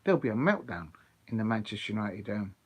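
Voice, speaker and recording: A man hosting a live football watch-along, chatting excitedly with viewers and laughing often. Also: lowish voice, quick pace, slightly rough. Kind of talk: live casual chat with viewers.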